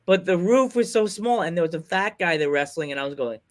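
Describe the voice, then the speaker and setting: A man hosting a podcast, telling rambling, excitable stories in casual chat. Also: high-pitched, fairly quick. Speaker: podcast host.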